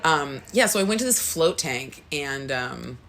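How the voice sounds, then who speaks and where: Podcast co-host, woman, low voice, earnest storyteller who acts out her inner voice. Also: lively intonation, a little slow, fairly bright tone, slight background noise. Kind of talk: casual spiritual chat.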